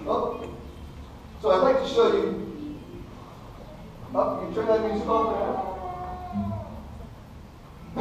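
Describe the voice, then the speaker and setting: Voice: mid-range voice, darkish tone, recorded from a distance, highs cut off, a little hiss or hum. A stage magician telling a comic story with mock panic and calling up audience volunteers at a live show, recorded from the audience on a camera mic. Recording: echoey hall from afar, music behind.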